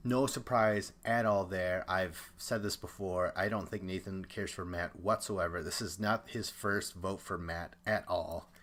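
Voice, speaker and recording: A man's voice: low voice, steady tone, unhurried, hardly any pauses, fairly bright tone. A young man hosting a podcast, giving a chatty, opinionated recap and acting out the quotes. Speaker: podcast host. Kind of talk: casual recap commentary.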